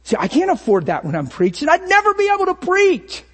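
High-voiced man preaching with passion. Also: huge pitch swings, fairly quick, fairly bright tone. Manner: impassioned, storytelling, acts out inner thoughts; conversational preaching with laughs. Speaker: pastor. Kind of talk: sermon.

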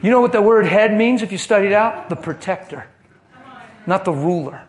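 Male preacher, sermon, impassioned, animated, high voice. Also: brisk.

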